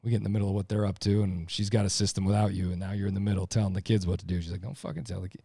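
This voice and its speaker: A middle-aged man with a deep, husky, gravelly voice tells it straight and emphatically, swearing as he goes. His tone sits dark and mellow. He is recorded close on a dry podcast mic. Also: level tone, racing, no echo. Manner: blunt, profane, emphatic storytelling. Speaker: podcast guest, lineman. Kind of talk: casual podcast chat.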